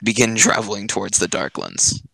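Gravelly low-voiced male game master. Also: lively intonation, normal speed, pushed and bright, no room sound, low-quality recording. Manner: hesitant, many ums and restarts. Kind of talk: narrating a tabletop game.

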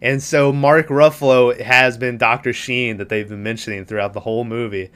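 Young man, podcast host, casual movie recap, animated, swears a lot, mid-pitched voice. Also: moderate pace, clean tone. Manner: animated retelling, acts out quotes, swears freely. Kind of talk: casual chat.

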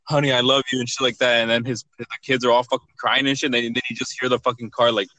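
A young man with a bright, forceful voice chats casually, swearing freely. He often stumbles and restarts mid-sentence, with an everyday mid-range pitch. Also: little pitch movement, no echo, rough recording. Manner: swearing, halting with restarts and laughs. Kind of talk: casual chat.

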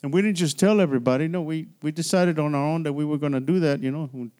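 A man's voice: on the high side, quick pace, a little mellow, smooth. A man pastor preaching a midweek church sermon in a conversational style, with frequent restarts and call-and-response. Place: church sanctuary.

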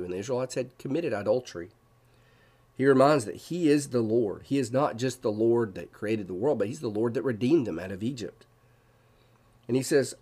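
A man's voice: mid-range voice, animated, normal speed, darkish tone, husky. A man giving a devotional Bible teaching, explaining verses and asking his listeners questions.

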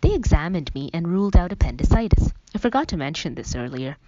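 A woman's voice: fairly low pitch, very animated, fast, warm tone, dry recording. A woman reading a first-person story aloud in a wry, conversational way. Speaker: audiobook narrator. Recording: dull, dry lo-fi recording.

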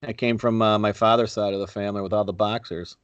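A middle-aged man co-hosting a podcast, talking in a laid-back, halting, wry way. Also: on the low side, steady tone, clear, resonant tone, no echo, highs cut off. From Buffalo, New York. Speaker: podcast co-host. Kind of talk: casual chat.

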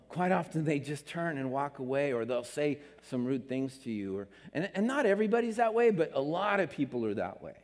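Preaching man in a reverberant sanctuary. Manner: animated preaching, rising pitch on emphasis, acts out quotes. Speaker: pastor. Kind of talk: sermon. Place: church sanctuary.

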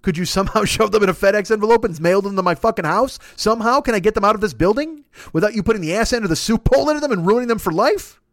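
A man with a high voice spins a long comic rant packed with swearing. His pitch leaps around as he does the voices of everyone in the tale. The sound is dry and close, with no room around it. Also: quick pace, hardly any pauses, no echo. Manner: profane, animated, acts out voices in his stories. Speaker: podcast host. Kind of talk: comic storytelling monologue.

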